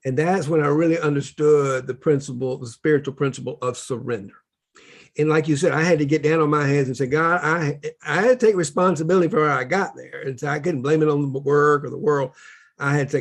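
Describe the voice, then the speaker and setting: A man's voice: fairly high pitch, a little fast. A man speaking as a spiritual teacher, telling his story in an earnest, preachy way during a casual workshop conversation.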